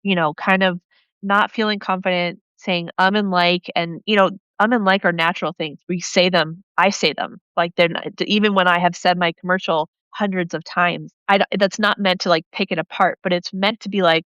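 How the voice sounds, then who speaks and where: A woman with an East Coast accent, a guest coach giving quick, animated advice in a casual interview. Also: fairly low pitch, clean tone, no room sound. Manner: energetic, animated hand-talker, gives advice in quick bursts. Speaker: podcast guest, networking coach.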